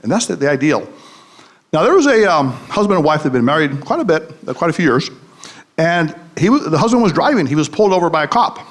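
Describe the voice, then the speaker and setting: A man's voice: on the high side, big pitch swings, fast talker. A man, a psychologist and podcast host, giving a live comedic talk, telling jokes and anecdotes and questioning the audience. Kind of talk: comedic motivational speech.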